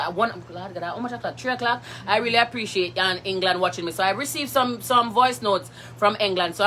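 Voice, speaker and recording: Bright-voiced Jamaican woman hosting a live stream. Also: medium pitch, slight background noise. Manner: lively, laughing, chatty, slips into patois. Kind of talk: casual live chat with viewers.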